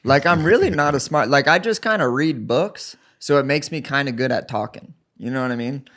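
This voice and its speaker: A man's voice: medium pitch, brisk, fairly bright tone. A man in his thirties, a guest on a studio podcast, talking in a modest, rambling way with lots of fillers. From United States. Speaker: guest fighter. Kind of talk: casual podcast chat.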